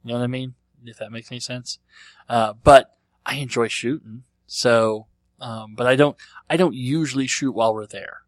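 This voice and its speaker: Man, podcast host, conversational, thinks aloud, middle pitch, dead dry room. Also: steady tone, normal speed, no room sound. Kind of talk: casual chat answering listener questions.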